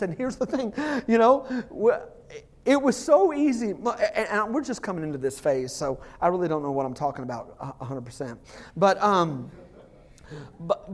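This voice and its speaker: Animated male pastor preaching a sermon. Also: sits high. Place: church service.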